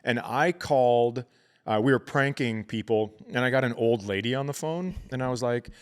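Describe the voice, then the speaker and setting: A man's voice: medium pitch, moderate pace, clean tone. Brief: male podcast host, dry wit, swears casually while telling stories. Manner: wry, swears freely, acts out quotes. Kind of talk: casual comedic storytelling.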